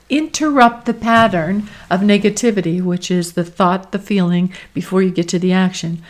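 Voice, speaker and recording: A woman hosts a coaching podcast in a calm, measured way. Her voice sits in a middle register. She gives practical advice and now and then speaks an imagined inner thought out loud. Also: medium pitch. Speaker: podcast host, career coach. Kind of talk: reflective coaching talk.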